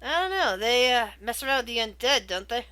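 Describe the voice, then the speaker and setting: A woman's voice: on the high side, expressive, sharp tone. Woman voicing a pipe-smoking male satyr. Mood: musing. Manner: hesitant, halting with fillers. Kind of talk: tabletop role-play voice.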